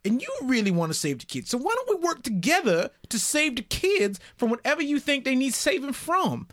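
A syrupy Southern charmer with a lively, swooping drawl, as a man puts him on at the gaming table. He wheedles and bargains, bright and eager in tone. A tabletop role-play voice. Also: very high voice, a little fast, full character voice. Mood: persuasive. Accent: put-on American Southern. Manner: drawling, overly folksy, wheedling dealmaker. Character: man putting on an exaggerated southern-gentleman drawl.

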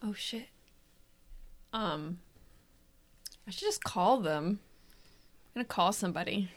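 A woman's voice: medium pitch, animated, slow pace. A woman playing in a tabletop game, chatting playfully and offhand with the group. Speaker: player. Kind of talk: casual tabletop play.

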